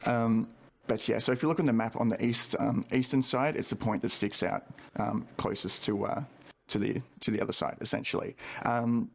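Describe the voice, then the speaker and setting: Australian guy, general accent, bit gravelly, lots of ums while he explains stuff on a call. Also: medium pitch, fairly even intonation, moderate pace. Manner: explanatory, many fillers and restarts. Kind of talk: casual online panel chat.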